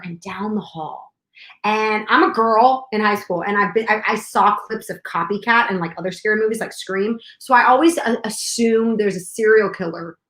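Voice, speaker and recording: A young woman telling a personal story in an animated way, acting out the scenes with sudden drops and bursts of volume. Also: medium pitch. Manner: dramatic, acts out scenes with shifts in volume. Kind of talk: animated anecdote. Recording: echoey room.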